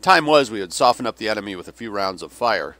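A man's voice: lowish voice, animated, fast, sharp tone, dry recording, pitched above the performer's own voice. A man voicing a weary, cynical older male Russian general who delivers sardonic, bitter tirades.

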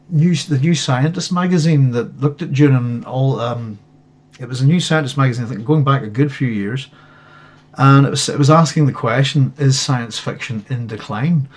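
A man hosting a casual livestream chat from home, rambling with many restarts. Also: mid-range voice. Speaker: host.

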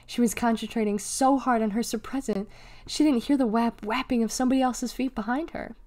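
Woman reading a children's novel aloud. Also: brisk. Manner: expressive, acts out dialogue with raised pitch and whispers. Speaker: reader.

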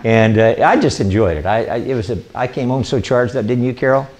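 An older man, an evangelist, talking through an informal, rambling sermon with excitable enthusiasm. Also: mid-range voice, brisk, slight background noise. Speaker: evangelist hosting a ministry show. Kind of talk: informal sermon talk to camera.

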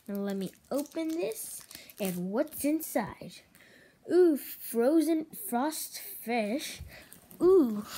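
Slow-talking, high-voiced woman vlogger. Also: a little mellow, a little hiss or hum. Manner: chatty, rates each item aloud, drops into whispers at times. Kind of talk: casual unboxing video.

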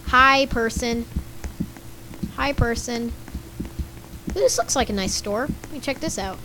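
A woman with a high voice that sounds scratchy today, casually chatting through a game session. She talks to the other players and narrates what she finds with amused remarks. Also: moderate pace, pauses often. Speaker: gaming channel host. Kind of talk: casual let's-play commentary.

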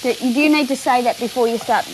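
A woman's voice: on the high side, fast, slight background noise, rough recording. An Australian woman hosting a TV cooking show, chatting with a guest in a teasing, giggly way. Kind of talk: casual chat on a TV cooking show.

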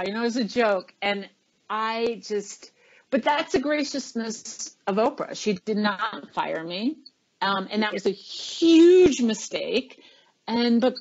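A woman's voice: a little high, muffled recording. A middle-aged woman, a former chief of staff, tells stories in a webinar interview and acts out the lines people said. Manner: animated storyteller, acts out quoted lines.

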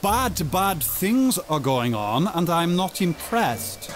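An unhinged, blood-covered doctor, drawing out his words with slow menace. His voice sits a little high for a man, with faint music underneath. It is a horror video game performance. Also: sing-song, exaggerated voice. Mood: ominous. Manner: slow, deliberate, ominous delivery.

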